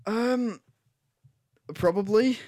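A young man co-hosting a casual film podcast, relaxed and agreeable, often laughing along. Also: high voice, drawn-out words, no room sound, clean studio sound. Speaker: podcast co-host.

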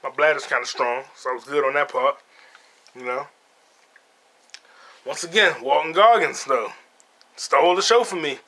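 Bright-voiced man swearing through a movie recap. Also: fairly high pitch, normal speed, long pauses. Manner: profane, laughing storyteller who retells scenes. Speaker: podcast host. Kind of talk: casual solo movie review.

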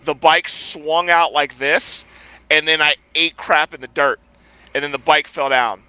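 This podcast co-host, a man beyond his college years, has a fairly high, bright, forceful voice with a steady tone and a slightly slow delivery. In casual chat he tells lively stories, voices the characters, and laughs and curses a lot. The tone is clean and echo-free, though the recording quality is low.

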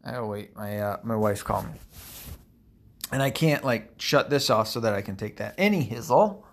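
A man's voice: lowish voice, expressive, moderate pace. Profane, sarcastic man ranting. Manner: profane, sarcastic, rambling with many fillers. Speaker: political commentator. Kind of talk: casual ranting commentary.

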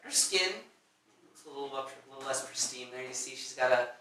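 A man narrating as game master of a tabletop game, lively and storytelling, with halting restarts. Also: medium pitch, background noise. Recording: echoey room, distant mic.

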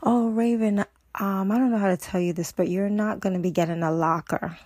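A woman's voice: mid-range voice, steady tone, fairly quick, darkish tone, husky, no room sound, clean studio sound, natural voice. A woman doing a hesitant teen girl. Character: teen girl, hesitant friend breaking bad news.

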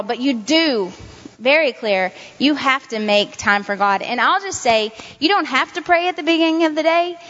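A Christian speaker, a woman with a slightly high, fairly bright voice, gives informal devotional teaching. She talks earnestly and conversationally, repeating herself. The sound is dull and the hall is reverberant.

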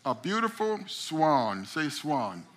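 Teaching a memory drawing lesson to a group, this middle-aged man talks slowly in a fairly high voice, with slight noise in the background. He tells little stories with animation, performing the different voices himself.

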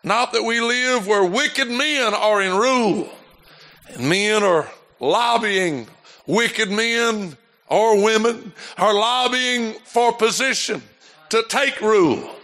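A male pastor delivers a fervent sermon in an unusually high, bright voice. He preaches slowly, drawing out his words and stacking rhetorical questions as he builds to shouts.

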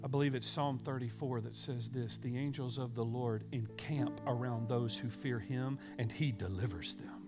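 A man preaching a sermon, retelling a story with dramatic swings from hushed, near-whispered lines to loud, fervent passages. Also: medium pitch, fairly even intonation, normal speed, few pauses. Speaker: pastor. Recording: music playing underneath.

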